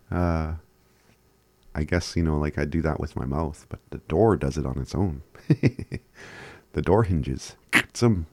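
A man giving a casual language lesson, laid-back and chuckling often as he spells words out slowly. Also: extremely low pitch, warm tone, no echo. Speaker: language teacher.

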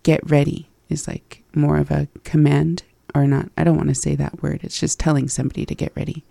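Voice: mid-range voice, little pitch movement, brisk, gravelly, dark tone, dry recording. A learner reviewing phrases from a language lesson, hesitant and laughing at their own slips.

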